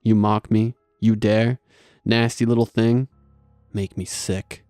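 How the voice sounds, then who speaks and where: A man's voice: on the low side, level tone, slow pace, dark tone, dry recording, soft background music. A man voicing a furious, vile male monster that snarls, hisses and spits its words. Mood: snarling. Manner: screeching, snarling and spitting.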